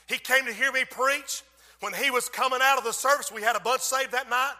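A man preaching a fiery revival sermon, shouting and then dropping to a hush, in a church. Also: extremely high pitch, fairly even intonation, a little fast. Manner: shouting, dramatic storytelling with sudden hushed drops. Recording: echoey church hall.

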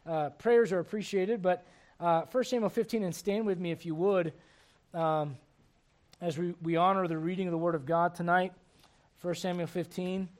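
A man preaching a midweek sermon, his voice gravelly and congested, moving from quiet reading to emphatic points. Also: high voice, fairly even intonation, normal speed. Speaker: pastor.

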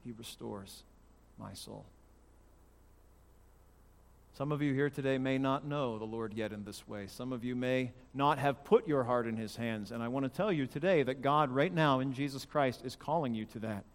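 A male pastor preaching a sermon, emphatic and swinging from loud declarations to hushed lines. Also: mid-range voice, big-room sound.

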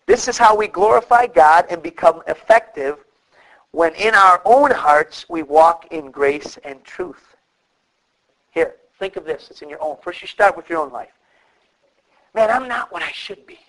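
Male pastor, middle-aged, high voice, animated sermon delivery, acts out quoted voices. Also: measured pace, low-quality recording.

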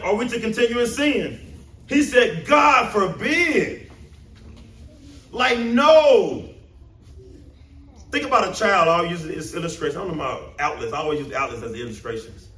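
High-voiced preacher in an echoey room. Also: male voice, fast. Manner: animated, emphatic preaching with questions to the congregation. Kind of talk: sermon. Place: church room with congregation. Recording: roomy echo, mic at a distance.

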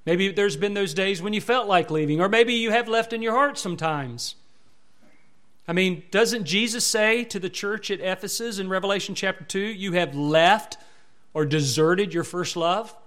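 A man's voice: high voice, normal speed, a bit bright. A male pastor preaching a sermon with emphatic rises and falls, asking the congregation repeated questions.

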